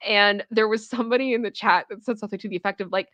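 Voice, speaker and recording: A woman's voice: on the high side, animated, fast talker, hardly any pauses, bright, forceful tone, dry recording, lo-fi sound. A woman with a Toronto Canadian accent, chatting casually with her livestream chat, rambling with restarts and little asides. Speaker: livestream host.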